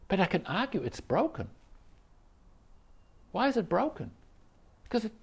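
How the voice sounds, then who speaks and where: A man teaching as a Zen teacher, explaining a koan in a conversational, animated way and acting out the quotes. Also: high voice, vocal fry, slightly rough. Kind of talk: dharma talk on a koan.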